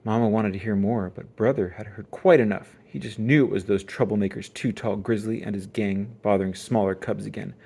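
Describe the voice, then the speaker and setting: A reader reading a children's picture book aloud in an expressive storytelling manner. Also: deep voice, a little fast, gravelly, few pauses, husky.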